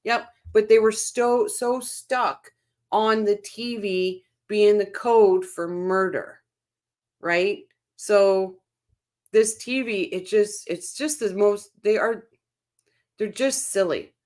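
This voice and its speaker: A woman's voice: medium pitch, slow, darkish tone. A woman hosting a casual true-crime livestream, reading viewer comments aloud and reacting to them in a chatty way. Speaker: livestream host reading chat.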